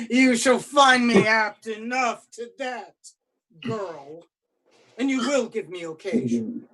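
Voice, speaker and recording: A woman playing a slow, taunting Tybalt. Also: on the high side, expressive, a bit bright, full character voice. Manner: drawn-out, taunting. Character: swaggering, hot-tempered young male Tybalt.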